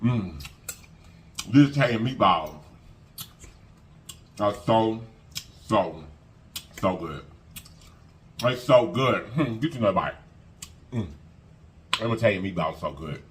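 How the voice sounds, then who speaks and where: A man's voice: fairly low pitch, slow pace, long pauses, a little hiss or hum. A man hosting a casual eating vlog, folksy and chatty, humming as he eats. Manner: lively, folksy, hums while eating. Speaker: mukbang host.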